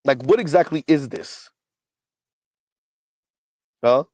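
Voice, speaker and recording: A man's voice: a little high, lively intonation, takes it slowly, darkish tone, dry recording, low-quality recording. A man hosting a casual commentary stream who reads viewer comments aloud, keeps asking "right?", and has a dry cough. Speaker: commentary channel host.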